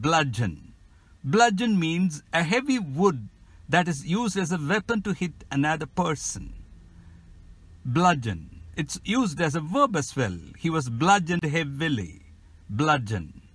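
A man's voice: fairly high pitch, very animated, fairly bright tone, breathy edge, dry recording. A man with an Indian English accent teaching English pronunciation in a scripted podcast lesson, spelling words letter by letter. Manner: slow, careful, spells words out.

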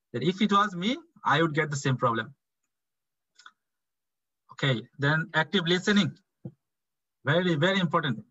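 Bangladeshi clinical tutor, male, thirties, repeats key points, slightly high voice over a dull call line. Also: bright, forceful tone, no room sound. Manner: repetitive, acts out doctor-patient dialogue. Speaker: clinical teaching fellow. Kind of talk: online medical teaching session.

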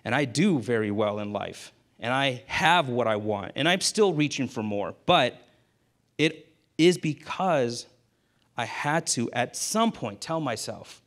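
A man, an insurance agent guest, telling a casual story in a candid, lively way and acting out the dialogue he quotes. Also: medium pitch, measured pace.

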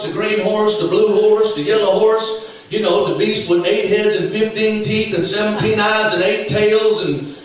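A man preaches to a congregation, telling a comic story and slipping into the voices of the people in it. His voice sits high and is caught from far off, ringing through a very echoey church. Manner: animated storytelling with acted voices. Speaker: evangelist. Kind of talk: humorous preaching testimony. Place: church sanctuary.

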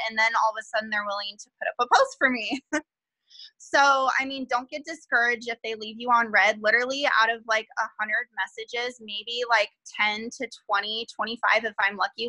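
A woman's voice: a little high, sharp tone, no echo, rough recording. A young woman sharing tips in a casual chat, bubbly and full of fillers. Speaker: guest team member sharing tips.

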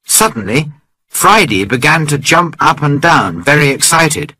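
A man slowly narrating a simple story for English learners, reading clearly and carefully. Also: a little high, expressive, sharp tone, low-quality recording.

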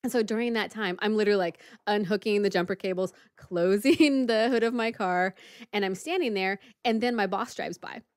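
A woman podcast co-host tells a story in casual chat, sprinkling in fillers and acting out the people in it. Her voice sits at a mid pitch. The recording is dry and close, with no room echo. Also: fairly quick, clean tone.

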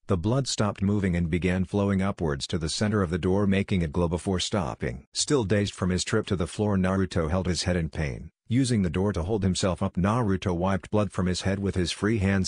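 A man narrating a fan fiction story in a flat, even reading. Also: deep voice, slightly rough, dry recording, clean studio sound.

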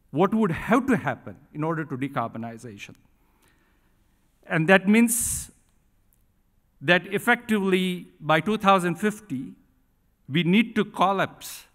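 A middle-aged man giving a conference keynote speech, talking deliberately with frequent ums and emphatic restatements. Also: a little high, fairly bright tone. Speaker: keynote speaker at an industry conference. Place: large conference hall. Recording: reverberant hall sound.

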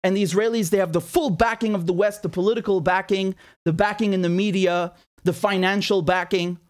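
A man's voice: high voice, fairly even intonation, a little fast. A man giving an angry political monologue, indignant and heated, firing rhetorical questions and repeating himself. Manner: swears and repeats words when worked up. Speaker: political commentator.

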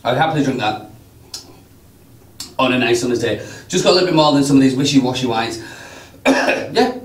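A man's voice: mid-range voice, expressive, fairly quick. A man co-hosting a wine tasting, chatty and teasing, often repeating words as he thinks. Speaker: wine show co-host. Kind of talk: casual wine tasting chat. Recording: roomy sound, mic at a distance.

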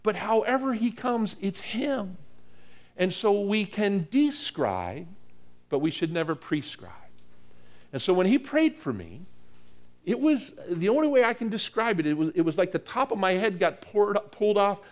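Male preacher from the US East Coast, expressive storyteller, lively and high-pitched. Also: normal speed. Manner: animated storyteller, acts out dialogue, repeats words. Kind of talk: sermon storytelling. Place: church hall with live audience.

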